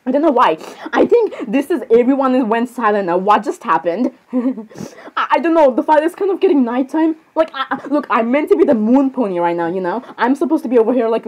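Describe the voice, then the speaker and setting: A woman's voice: on the high side, darkish tone, husky, low-quality recording. A woman in casual in-game role-play chat, flustered and apologetic, stammering and giggling as she talks.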